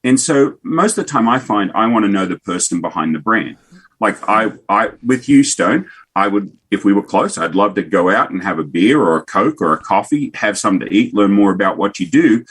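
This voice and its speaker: Aussie guy in his 50s, kinda husky low voice, cracking dad jokes in an interview. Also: fairly quick. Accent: Australian. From Australia. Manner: jokey, animated storyteller. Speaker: guest, business owner. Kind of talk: casual interview chat. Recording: remote call.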